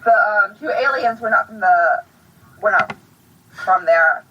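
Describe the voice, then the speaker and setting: A woman co-hosting a casual fan podcast, chatty and hesitant, often pausing on fillers. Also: mid-range voice, expressive, bright, forceful tone, slight background noise. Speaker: podcast co-host. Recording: distant, dull lo-fi mic.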